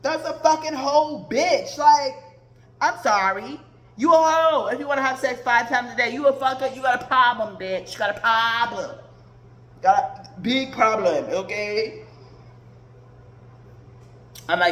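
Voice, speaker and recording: A woman's voice: fairly high pitch, slow pace, pauses often, a bit bright. A woman hosting a podcast, ranting in a blunt, profane casual monologue. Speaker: podcast host. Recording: roomy echoey recording.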